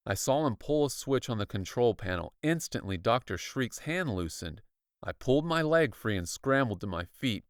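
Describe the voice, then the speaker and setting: A man reading a spooky children's book aloud in slow, dramatic scripted narration. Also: clean tone, dry recording, studio quality. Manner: slow, dramatic storytelling with lively pitch. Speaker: audiobook reader.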